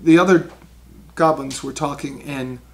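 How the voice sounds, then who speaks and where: A man's voice: a little high, fairly even intonation, measured pace, gravelly, darkish tone. Man narrating as game master.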